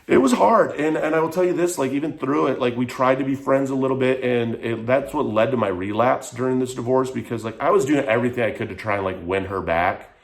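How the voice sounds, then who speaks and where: A man's voice: mid-range voice, a little fast, creaky, few pauses. A man frankly telling a personal story in a vlog, emotional and rambling, with lots of "like". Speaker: vlogger.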